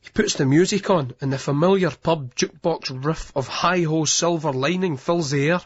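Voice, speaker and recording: A man narrating an audiobook in a steady storytelling manner, in a dull lo-fi recording. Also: a little high, moderate pace, breathy edge. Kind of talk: scripted narration.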